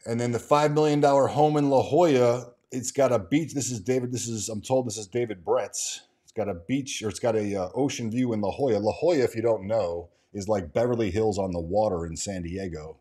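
A man's voice: on the low side, fairly quick, few pauses, mellow. A man hosting a stock market show, reading news items and quotes aloud and breaking off with casual asides, restarts and fillers. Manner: reads quotes aloud then adds offhand remarks, many restarts and fillers. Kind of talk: casual commentary reading from articles and market screens.

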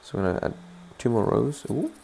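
Gravelly man narrating his gameplay. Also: mid-range voice, huge pitch swings, a little fast, warm tone, slight background noise. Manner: rambling, chatty, asks viewers to comment. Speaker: gaming channel host. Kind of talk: let's play commentary.

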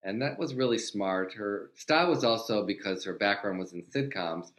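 An older man, a guest on a talk show, telling animated showbiz anecdotes, acting out quoted dialogue and swearing freely. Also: lowish voice, moderate pace. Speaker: guest, TV comedy writer. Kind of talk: casual storytelling interview.

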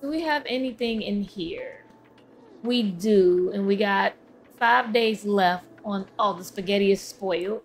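A woman hosting a casual let's-play, chatting to her game characters and viewers, her throat rough from allergies. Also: medium pitch, unhurried, faint music behind. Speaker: gaming channel host.

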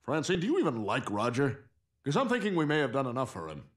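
An actor voicing a stern, frustrated suburban dad who talks bluntly and impatiently. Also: male voice, medium pitch, huge pitch swings, quick pace. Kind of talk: cartoon voice acting.

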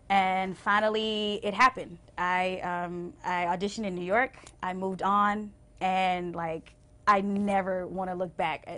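A young adult woman singer telling stories as a TV interview guest, acting out quotes with big swings and going hushed when moved. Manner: expressive, acts out quotes with big pitch swings. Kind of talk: animated storytelling in a TV interview. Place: TV station interview.

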